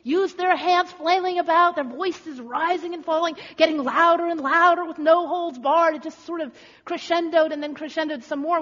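A woman's voice: high-pitched, fairly bright tone. A woman preacher giving a dramatic, rhetorical sermon with building emphasis. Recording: echoey hall, slightly dull.

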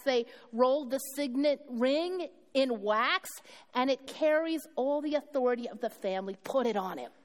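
A woman pastor delivering a sermon, retelling a story with acted dialogue and questions to her congregation. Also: a little high. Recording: long hall reverb.

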